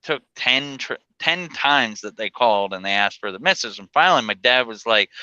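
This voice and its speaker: Storytelling man, lively, bright smooth voice, dull dry sound. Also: medium pitch, normal speed, few pauses, no echo. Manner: storytelling, hesitant with fillers. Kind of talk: casual chat.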